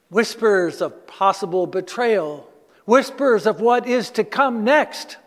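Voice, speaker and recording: A man preaches slowly and gently, drawing listeners into a guided meditation with soft, hushed stretches. His voice sits high and unhurried. The sound carries the long reverb of a church sanctuary. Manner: slow guided imagery, soft hushed passages. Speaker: pastor. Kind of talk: sermon.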